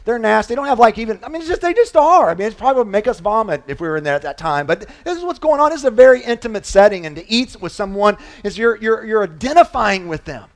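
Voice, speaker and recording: A man preaching a sermon as pastor, conversational and animated, with frequent restarts and asides, swinging between loud emphasis and quiet low moments. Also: fast, hardly any pauses.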